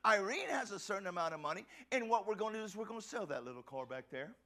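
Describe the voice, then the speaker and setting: A man preaching a passionate sermon as a pastor, often shouting and stumbling over restarts. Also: high-pitched, lively intonation, fast.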